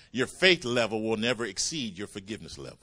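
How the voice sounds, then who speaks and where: A man preaching a sermon as pastor, calling out hallelujah and praise the Lord as his pitch swings up and down. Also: big pitch swings, a little fast, bright, forceful tone. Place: church sanctuary.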